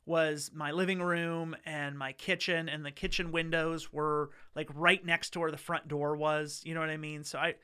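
A man's voice: a little high, level tone, normal speed, hardly any pauses, sharp tone, clear, resonant tone. A man telling a story in casual chat, rambling and wry with lots of fillers.

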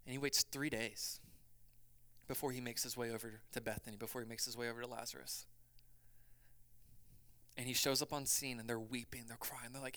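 A man preaching a sermon as pastor, swinging between loud urgency and quiet, hushed passages. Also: medium pitch, little pitch movement, brisk, long pauses, dry recording.

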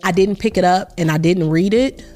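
A woman's voice: on the low side, normal speed, a little mellow. Woman podcast host, emphatic and repetitive, reflective talk over faint background music. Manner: repetitive, emphatic, rhetorical questions.

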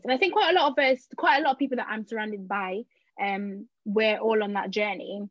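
A woman's voice: mid-range voice, brisk, fairly bright tone, dry recording. A young adult woman hosting a podcast in casual, chatty talk, laughing often and restarting her sentences. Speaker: podcast host. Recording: dull, dry lo-fi recording.

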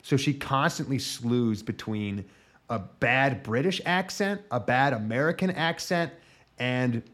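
This podcast co-host speaks at a measured pace in a mid-range, slightly bright voice. Explaining things on a casual show, he rambles, swears, and tends to let his thoughts trail off at the end.

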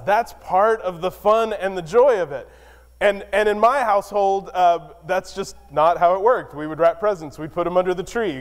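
High-pitched male pastor, chatty self-mocking storyteller, lots of ums, long church reverb. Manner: conversational, self-deprecating storyteller with many fillers. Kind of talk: sermon with personal storytelling.

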